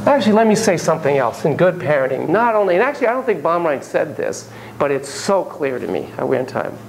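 A man giving a classroom lecture on parenting in an animated, joking way, acting out the examples. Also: on the high side, brisk, creaky, slight background noise, low-quality recording. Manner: animated, jokey, acts out examples. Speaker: psychology lecturer.

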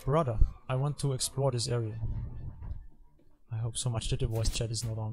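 A man's voice: mid-range voice, fairly even intonation, fairly quick, background noise. A man giving casual gaming commentary, rambling with joking, self-mocking asides as he plays. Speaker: gameplay commentator. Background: game music and effects.

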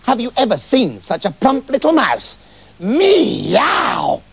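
A male doctor turned catlike drools over a plump mouse, his husky voice swooping from low purrs to yowls. A man acts him out for a comic storybook. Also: wildly swooping pitch, slow, fairly bright tone, heavily acted. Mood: hungry. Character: grown male doctor with cat's eyes, mouse-hungry.

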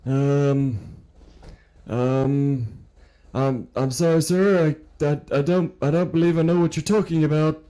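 A forgetful, befuddled old man, voiced by a man in a role-play game, stumbling and repeating himself as he searches for words. His tone is soft and mellow, never sharp. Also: a little high, measured pace, smooth, close to an everyday voice. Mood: confused, muddled. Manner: hesitant and repetitive, stammering. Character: confused, forgetful elderly man. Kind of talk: role-play driving stop.

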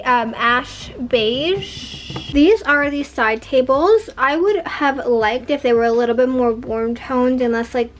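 A woman's voice: sits high, background noise. A young woman in her twenties, rambling chattily with lots of "like" as she shows off her bedroom makeover in a casual home vlog. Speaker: vlogger.

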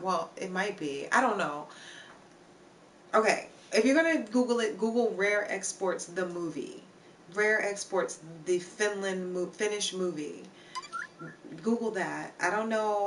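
Woman streamer, easygoing teasing banter, unhurried, mic set back with steady background noise. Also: mid-range voice, distant mic, poor audio. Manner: laughing, teasing, repeats herself. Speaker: live streamer. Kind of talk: casual chat with live chat.

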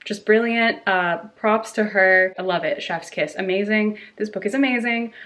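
A woman's voice: mid-range voice, normal speed, fairly bright tone. A woman chatting casually on camera as a book reviewer, gushing and effusive, at times tearful and laughing. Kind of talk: casual vlog chat.

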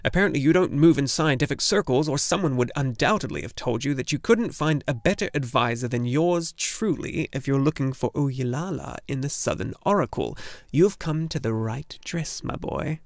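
A man's voice: mid-range voice, lively intonation, moderate pace, no room sound, natural voice. Man doing a pompous little gnome professor. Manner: self-important, grumbling. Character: pompous little old male gnome scholar.

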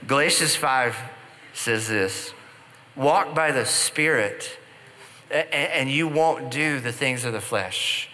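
A man's voice: medium pitch, slow, background noise. A man preaching a sermon to a congregation, telling stories in a conversational, playful way with casual asides. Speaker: pastor. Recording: long hall reverb.

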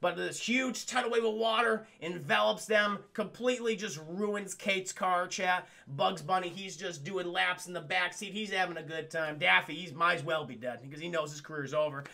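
A man recaps a movie for his livestream chat in a loose, rambling way, swearing freely and calling out to the chat every few lines. His voice sits high for a man and has a bright, sharp edge. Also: normal speed, vocal fry, hardly any pauses. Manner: rambling, profane, keeps addressing the chat. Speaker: streamer reviewing a film.

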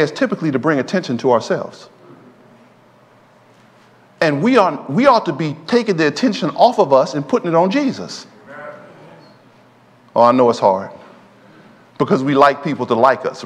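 A man's voice: a little high, very animated, moderate pace, long pauses. A man preaching a sermon in a church, drawing call-and-response from the congregation. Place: church sanctuary. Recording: long hall reverb in a church.

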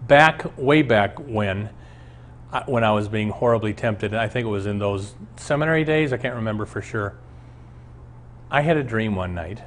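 A male pastor giving an earnest, emphatic Bible teaching and telling stories from his own life. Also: medium pitch. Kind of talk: teaching sermon on a Bible show.

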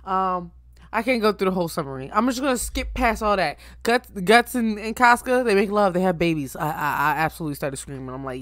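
A woman recapping an anime for her viewers in a chatty, profane way, full of fillers, swinging between loud bursts and low asides. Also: fairly quick, no room sound, clean studio sound. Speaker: anime reaction YouTuber.

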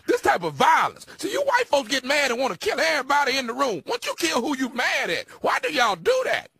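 A man playing a brash prank caller on a radio prank call, husky and provocative, needling with mock innocence. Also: very high voice, wildly swooping pitch, fairly quick, pushed and bright, exaggerated voice. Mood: preachy. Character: brash man claiming to father a baby, adult, pushy and provocative.

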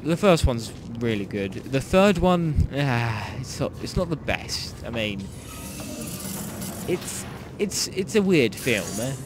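A young man from Ireland rambles through a co-op game session, mid-range in pitch. He jokes around and keeps restarting his sentences, with faint noise under his voice. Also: very animated, slow pace. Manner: rambling, jokey, trailing off and restarting. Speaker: gaming channel host. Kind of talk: casual gameplay chat.

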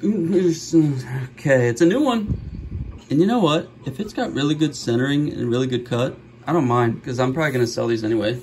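Middle-aged man, excitable card-opening host, joking and gasping, mid-pitched voice, faint hum behind. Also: brisk, poor audio. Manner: excitable, joking, bursts of gasps and laughs. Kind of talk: casual pack-opening commentary.

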